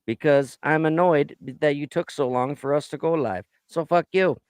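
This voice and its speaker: Profane joking man with a smooth voice. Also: a little high, moderate pace, no room sound. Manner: swears a lot, joking and animated. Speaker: podcast host. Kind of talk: profane casual true-crime chat.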